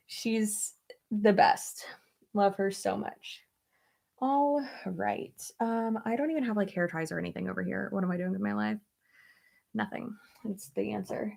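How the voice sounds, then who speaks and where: A woman's voice: mid-range voice, fairly even intonation, measured pace, gravelly, darkish tone. A young woman vlogging in a casual chat, rambling with lots of "like", laughing often and retelling conversations as quoted dialogue. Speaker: beauty vlogger. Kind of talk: casual chat while getting ready.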